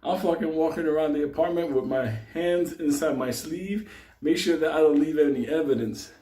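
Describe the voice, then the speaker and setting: A man's voice: a little high, normal speed, mellow. Profane laughing male storyteller. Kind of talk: casual storytelling. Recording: echoey room.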